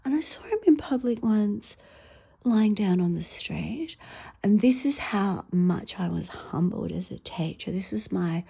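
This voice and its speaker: A middle-aged Australian woman with a husky, dark-toned voice, talking her way through a stand-up set. She rambles from story to story, swears freely, and swings between loud, high outbursts and quiet muttered asides. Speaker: stand-up comic.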